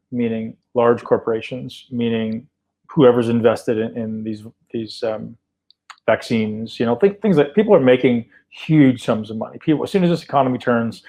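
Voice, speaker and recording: A man's voice: mid-range voice, dark tone, low-quality recording. Enthusiastic male podcast host. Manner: enthusiastic, repeats "right?" often. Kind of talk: casual podcast conversation.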